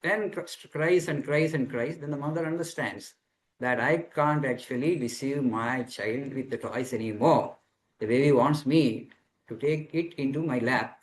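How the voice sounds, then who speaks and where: With a mid-range voice and poor audio, a monk gives a spiritual teaching to students via video call. He responds to their questions earnestly, circling back over phrases while searching for what to say.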